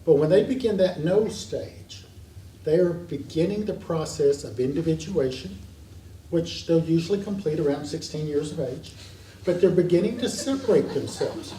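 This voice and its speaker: A man's voice: a little high, lively intonation, moderate pace, warm tone. A man teaching a parenting class in a church, earnest and storytelling, with emphatic stresses. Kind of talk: classroom lecture. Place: church meeting room. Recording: echoey room from far off, faint hiss.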